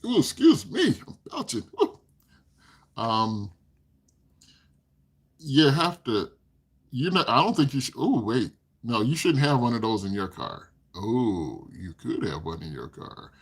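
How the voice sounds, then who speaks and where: Older guy with a husky voice rambling thru a story on his live stream, laughs a lot, pitch jumps all over. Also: sing-song, unhurried, pauses often. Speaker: livestream host. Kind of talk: casual livestream chat.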